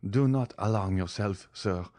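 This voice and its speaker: A shaken middle-aged prosecutor speaks in a hoarse, hushed, entreating tone, voiced by a man reading aloud. The voice sits low and the sound is close and dry. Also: a little slow, no echo, lightly acted. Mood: grave entreaty.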